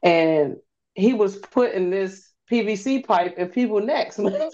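Animated slangy young woman, lo-fi sound. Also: medium pitch, a little slow. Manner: animated storyteller, slangy, laughs often. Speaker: guest, host's niece. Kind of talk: casual podcast chat. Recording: dull lo-fi recording.

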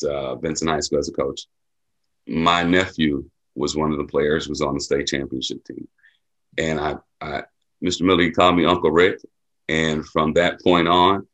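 Very deep-voiced earnest man. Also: fairly bright tone. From Milwaukee, USA. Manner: earnest, heartfelt, repeats himself. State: emotional, near tears. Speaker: athletic director and mentor, guest. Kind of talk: podcast interview answers.

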